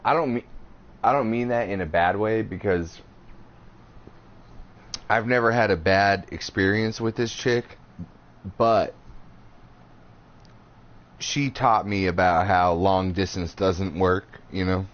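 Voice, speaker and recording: A man's voice: sits low, steady tone, slow, long pauses. A man in his thirties co-hosting a podcast, telling a crude, rambling story in casual chat. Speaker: podcast co-host. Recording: slightly dull podcast audio with faint hiss.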